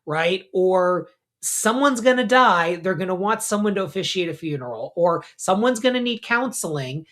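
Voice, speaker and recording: A middle-aged man, a rabbi co-hosting a podcast, telling stories in an animated, casual way with lots of fillers and asides. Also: high voice, normal speed. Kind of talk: casual conversation.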